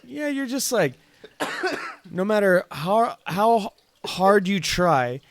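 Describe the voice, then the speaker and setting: A man's voice: high-pitched, sing-song, slow pace, dry recording. A man co-hosting a podcast in casual chat, rambling with many fillers and calling his friend "dude". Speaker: podcast co-host.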